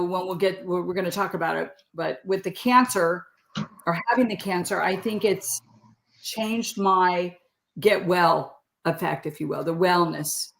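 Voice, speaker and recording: A woman's voice: lowish voice, vocal fry, a bit bright, roomy sound. A sixty-year-old woman from California, a podcast guest telling stories in casual, chatty talk and laughing often. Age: 60s. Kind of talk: casual interview chat.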